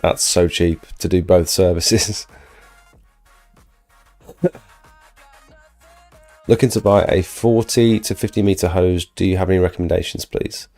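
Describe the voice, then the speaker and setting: A deep, mellow-voiced man hosts a live stream and answers questions from the chat in a loose, conversational way. His voice is wearing thin from a recent illness. Soft music plays faintly underneath. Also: fairly even intonation, a little slow, pauses often. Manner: chatty, answers viewer questions, frequent restarts. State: losing his voice, getting over an illness. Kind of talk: casual live Q&A about pressure washing.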